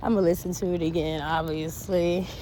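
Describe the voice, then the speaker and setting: A woman chatting casually on a walk outdoors, reacting to an interview with animated, blunt talk, laughter and swearing. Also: lowish voice, moderate pace, slight background noise, low-quality recording. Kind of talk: casual chat.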